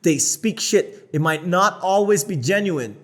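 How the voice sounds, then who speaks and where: A North American man co-hosting a podcast, talking in a blunt, profane, animated way. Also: high-pitched, unhurried. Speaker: podcast co-host. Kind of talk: casual podcast chat.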